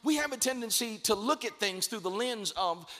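A man with a very high, bright voice preaches a sermon. His delivery is emphatic and swells into shouted declarations. A long hall reverb trails behind every phrase. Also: animated, moderate pace. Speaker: bishop, guest preacher.

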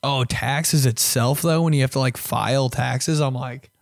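His mid-range voice is creaky and unhurried as the young podcast host rants casually, full of profanity and animated mock voices. The studio sound is clean, with no echo.

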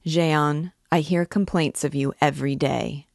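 A stern, icy archdeacon, as a woman reads him aloud, cold and severe in every measured word. The voice sits low and close, with a dry, dead sound around it. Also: steady tone, creaky, no room sound. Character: stern, icy middle-aged male archdeacon.

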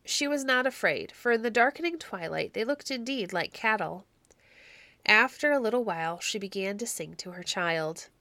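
A woman narrating a storybook in a measured, clear storytelling manner. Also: medium pitch, expressive, bright, forceful tone, no room sound. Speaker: audiobook narrator.

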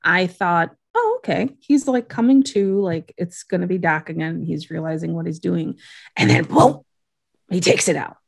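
A woman's voice: on the low side, moderate pace, vocal fry, few pauses. A woman co-hosting a podcast, chatting and reacting as she recaps a TV episode. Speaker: podcast co-host. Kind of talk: casual recap chat.

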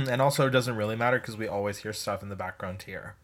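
A man co-hosting a casual podcast chat, low-key with short replies. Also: fast, fairly bright tone. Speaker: podcast co-host.

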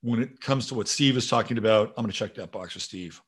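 A man's voice: lowish voice, quick pace, husky. A man hosting a livestream show, reading out viewer comments and musing aloud in a rambling, casual way with frequent swearing. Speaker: show host.

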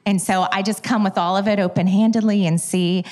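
A woman teaching at a church, telling prayer stories in an animated way and acting out her own dialogue. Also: mid-range voice, brisk.

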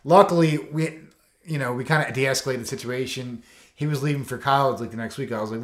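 Brief: male guest, coach, mid-pitch, spins rambling anecdotes with loads of fillers and acts out the quotes, echoey room. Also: brisk. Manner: loose and rambling, full of "you know" and "like", acts out quotes. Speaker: coach and foster dad, interview guest. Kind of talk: casual storytelling in a podcast interview. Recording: roomy echo.

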